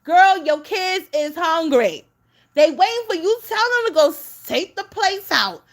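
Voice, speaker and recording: High-voiced woman scolding in casual commentary. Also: lively intonation, a little slow. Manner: scolding, exasperated, talks straight at the subject. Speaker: reaction commentator.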